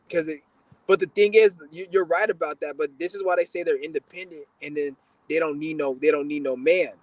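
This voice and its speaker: A man's voice: a little high, dry recording. A young man hosting a livestream, answering questions in a blunt, profane, rambling rant with frequent stammering restarts. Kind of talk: casual ranting chat.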